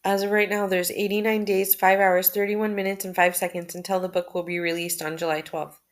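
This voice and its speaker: A woman reading a personal journal aloud in the first person, at a steady, measured pace with occasional restarts. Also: on the low side.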